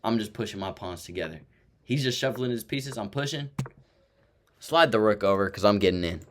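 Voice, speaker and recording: Low-voiced man narrating a chess game. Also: fairly quick, a little hiss or hum. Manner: excited play-by-play, talks to himself. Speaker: chess streamer. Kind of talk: chess game recap commentary.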